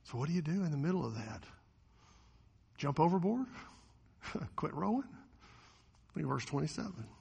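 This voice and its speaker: A man preaching a sermon as a pastor, animated, often acting out the voices of the people in the story. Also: fairly high pitch, normal speed, vocal fry, long pauses, slightly rough, long reverb tail.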